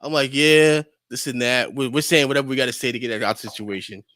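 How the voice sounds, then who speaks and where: A man's voice: medium pitch, fast, no room sound. Young dude on a podcast rambling through a story, doing his buddies' voices, super dry mic. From New York. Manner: animated storyteller, acts out friends' voices, lots of "like". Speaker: podcast co-host. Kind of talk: casual storytelling chat.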